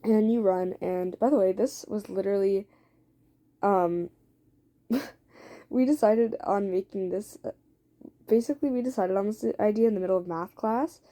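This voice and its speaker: Chatty woman with a very mellow voice. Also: mid-range voice, moderate pace, long pauses. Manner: rambling, chatty, swears, many fillers. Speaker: storyteller for listeners. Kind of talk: casual story narration.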